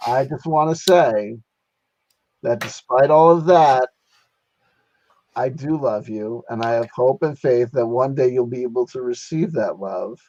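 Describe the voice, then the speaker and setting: A man's voice: mid-range voice, unhurried, mellow, lo-fi sound. A man hosting a casual livestream chat, rambling and laughing, with a sentimental sign-off. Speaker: livestream host.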